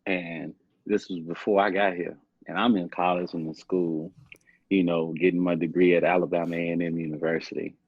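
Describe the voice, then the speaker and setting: A man's voice: low voice, flat delivery, a little fast, breathy edge, no echo. A young man from Chicago, a podcast guest, telling his life story in a rambling, casual way, repeating himself and often saying "man". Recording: muffled lo-fi podcast audio.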